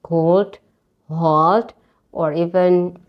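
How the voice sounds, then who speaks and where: A woman, a native Indonesian speaker, giving a recorded online university lecture in English, often checking with her students by asking "right?". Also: drawn-out words. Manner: lively, rising pitch on questions, frequent "right?" checks. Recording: dull, lo-fi recording.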